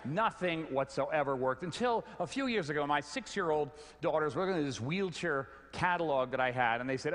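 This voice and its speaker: A middle-aged man giving a storytelling talk on stage, animated, often stumbling over repeated words. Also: fairly high pitch, fast, hardly any pauses. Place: large hall before an audience. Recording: long hall reverb.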